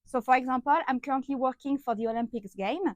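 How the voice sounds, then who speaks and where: Chatty French-accented woman, higher voice. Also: fast talker, low-quality recording. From France. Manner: chatty, frequent filler sounds and restarts. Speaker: podcast guest, event designer. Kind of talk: casual interview chat.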